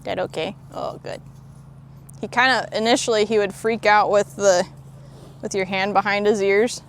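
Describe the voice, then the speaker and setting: Woman ranch trainer, gravelly texture, talks through a demo, soothing with the horse, faint outdoor noise. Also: medium pitch, fairly even intonation, normal speed. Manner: encouraging, soothing praise to a horse.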